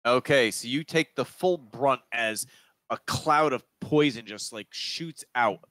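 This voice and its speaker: A man running a tabletop game over a video call, narrating in a halting way with many restarts. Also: medium pitch, fairly bright tone, dry recording. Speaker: game master. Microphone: video call mic.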